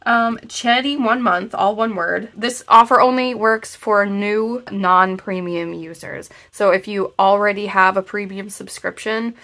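A woman with a blocked, stuffy nose talks in a chatty, easygoing way and often restarts her phrases. Her voice has a gravelly rasp. She reads passages aloud in the same relaxed tone. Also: mid-range voice, measured pace, hardly any pauses. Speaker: planner review vlogger. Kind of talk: casual review with read-aloud passages.

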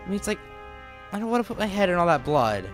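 A man hosting a let's play, excitable and joking, talking back at the game's characters as he plays. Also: high-pitched, quick pace, faint music behind. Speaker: gaming channel host.

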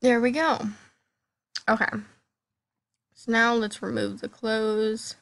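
Excitable girl gamer chatting away, fairly high voice, bubbly and gushing. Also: slow pace, vocal fry. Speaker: gaming channel host. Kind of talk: casual gameplay commentary.

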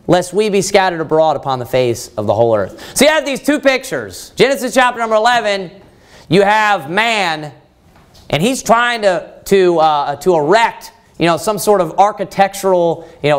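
A man's voice: a little high, normal speed. A man leading a Bible study sermon, reading scripture aloud and asking his listeners questions. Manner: animated, quotes scripture, asks the room questions.

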